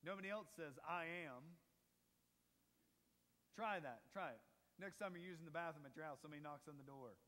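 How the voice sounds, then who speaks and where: A male pastor preaching a sermon in a church sanctuary, animated and putting questions to the congregation. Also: fairly high pitch, brisk, long pauses, big-room sound.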